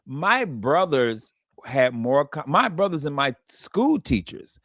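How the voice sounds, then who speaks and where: A man telling animated, slangy stories and laughing often on a comedy radio show. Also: on the high side, slow pace, no room sound, studio quality. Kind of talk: casual comedy radio banter. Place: radio studio.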